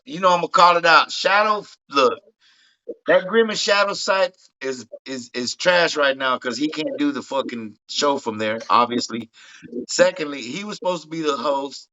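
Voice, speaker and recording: A man co-hosting a casual show, excitable and profane, talking over his partner. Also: fairly high pitch, moderate pace. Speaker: co-host. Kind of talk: casual podcast banter. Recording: dull lo-fi sound.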